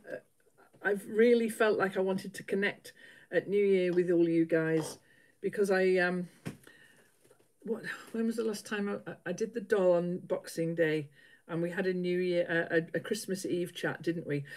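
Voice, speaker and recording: Chatty middle-aged woman. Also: fairly low pitch. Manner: chatty, warm-hearted, laughs often. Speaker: livestream host. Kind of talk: casual chat with live viewers while sewing.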